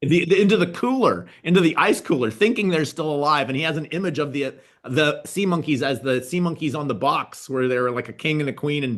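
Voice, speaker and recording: A man's voice: on the high side, fairly bright tone. A man, a TV writer and producer, reminiscing in casual chat, rambling with many restarts and fillers.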